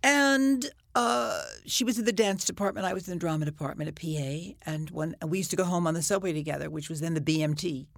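A woman's voice: fairly low pitch, fast talker, vocal fry, few pauses, no room sound, clean studio sound. Older woman telling a chatty story. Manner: chatty, animated storyteller who acts out quotes. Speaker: guest. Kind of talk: anecdotal storytelling.

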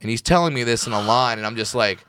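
A man from Southern California, a comedian guest on an interview show, telling animated stories and acting out the people in them. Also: medium pitch, fast talker, no room sound, clean studio sound. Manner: animated storyteller, acts out quotes. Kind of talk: casual interview chat.

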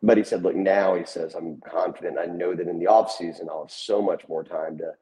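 A man's voice: low voice, fairly even intonation, fairly quick, mellow, low-quality recording. A man co-hosting a sports podcast, chatting casually and retelling what players told him. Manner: conversational storyteller, retelling player quotes.

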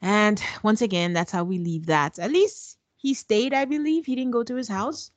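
A woman's voice: mid-range voice, moderate pace, no echo. A woman co-hosting a casual recap chat, blunt and sarcastic as she retells what happened. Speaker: podcast co-host.

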